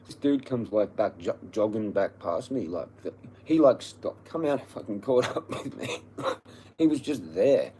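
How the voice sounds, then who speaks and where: An Australian man on a livestream, telling a story as an angry, profane rant that swings between low muttering and loud yelling. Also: lively intonation, a little slow, a little hiss or hum, low-quality recording. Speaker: livestream host.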